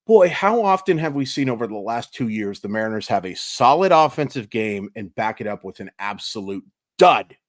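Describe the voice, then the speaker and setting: Male recap host, low-pitched, exasperated and emphatic, dry close sound. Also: very animated, normal speed, hardly any pauses, dry recording. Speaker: sports YouTuber. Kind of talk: daily baseball recap vlog.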